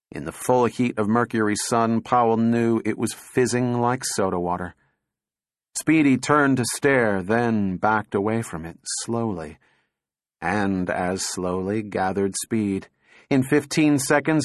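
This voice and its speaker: A man narrating a science fiction story in a measured, dramatic storytelling manner. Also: medium pitch, no echo, studio quality. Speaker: audiobook narrator. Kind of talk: scripted narration.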